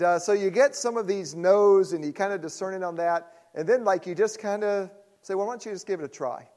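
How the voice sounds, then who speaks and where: A middle-aged man with a slightly higher voice gives a relaxed church teaching talk. He jokes with the crowd and teases people in the front row. He acts out quick bits of dialogue as he goes. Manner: conversational and joking, teases the audience, acts out quoted people. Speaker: pastor teaching church leaders.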